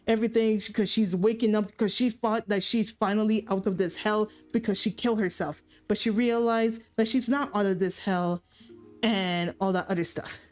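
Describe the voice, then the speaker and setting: A woman's voice: medium pitch, steady tone, moderate pace. A woman streamer casually recapping a story in a rambling, profane way, often correcting herself mid-sentence. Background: faint background music.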